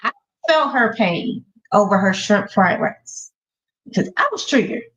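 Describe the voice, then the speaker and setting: A woman co-hosting a casual TV review chat, blunt and excitable, cutting in. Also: medium pitch, measured pace. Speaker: podcast co-host. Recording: dull lo-fi mic.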